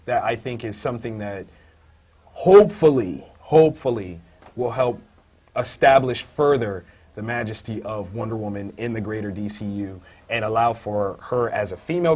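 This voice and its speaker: Animated man co-hosting a comics podcast. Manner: animated, jumps to loud, high outbursts; many fillers, thinks aloud. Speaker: comic book review podcast co-host. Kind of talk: casual chat.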